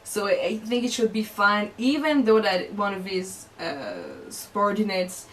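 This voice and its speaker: A woman's voice: medium pitch, steady tone, a little slow. A woman co-hosting an anime reaction chat, asking questions and chiming in with short agreements. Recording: distant mic, faint background noise.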